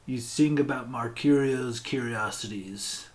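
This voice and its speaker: A man voicing a shrewd male merchant who haggles over prices with pauses and drawn-out terms. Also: medium pitch, lightly acted. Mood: bargaining.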